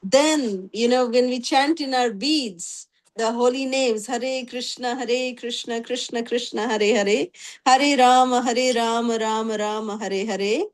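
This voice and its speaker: A woman's voice: a little high, a little slow. A woman teaching a spiritual class over a video call, telling stories conversationally with frequent fillers. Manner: conversational, many "you know" fillers. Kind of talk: scripture class talk with storytelling.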